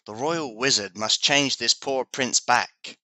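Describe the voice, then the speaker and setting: Stern storybook queen giving orders, unhurried, read by a man. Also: mid-range voice, sharp tone, no echo. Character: stern royal queen, adult woman.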